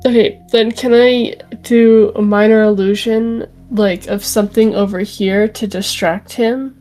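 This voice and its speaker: A woman playing a tabletop game, speaking gently and hesitantly with many fillers. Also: medium pitch, fairly even intonation, unhurried, faint music behind. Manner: gentle, hesitant, says "like" often. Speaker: player. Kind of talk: tabletop role-play.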